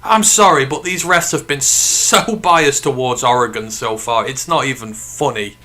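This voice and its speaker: Man hosting a bright-toned watch-along. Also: medium pitch. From United Kingdom. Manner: excitable, quick to outrage. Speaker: live stream host. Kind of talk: live watch-along commentary and chat reading.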